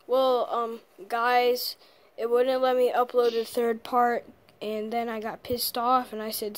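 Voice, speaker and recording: Woman, high voice, slow, casual aside to viewers, low-key, crude. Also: flat delivery. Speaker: video maker.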